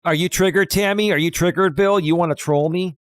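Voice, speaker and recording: A livestream host rants in a combative, taunting manner, repeating himself for emphasis. His voice is high-pitched and a little fast, with no echo.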